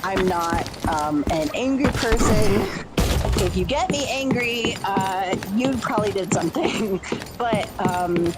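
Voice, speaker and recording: A speaker chatting casually on a stream, reflective and quick to laugh. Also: medium pitch, expressive, loud music behind the voice, rough recording. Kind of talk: casual chat.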